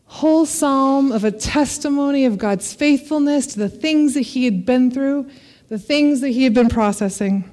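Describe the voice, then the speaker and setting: High-voiced woman preaching a sermon. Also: normal speed. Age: adult parent. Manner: expressive, dramatic scripture reading with laughs.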